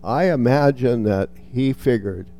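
A man's voice: medium pitch, a little slow, warm tone. A man reading a Bible passage aloud and then commenting on it in a reflective teaching style, with restarts and touches of dry humor.

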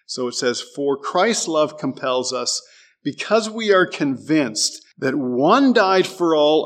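A man preaching a sermon. He asks his listeners questions and reads scripture aloud with deliberate emphasis. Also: medium pitch.

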